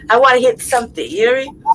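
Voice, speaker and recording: A woman's voice: sits high, slight background noise, poor audio. A woman hosting a podcast, telling a rambling, profane story in casual chat. She keeps checking in with "right?" and "you know what I mean?" and laughs as she goes. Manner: laughs through her story. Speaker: podcast host.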